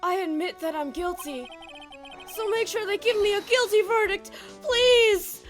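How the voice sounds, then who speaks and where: A woman playing a manic young man in a courtroom game, shouting with frantic glee. The voice is pushed high and loud, and it is slow and deliberate. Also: soft background music. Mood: pleading. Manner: shouty, excited. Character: manic adult man gleefully confessing guilt.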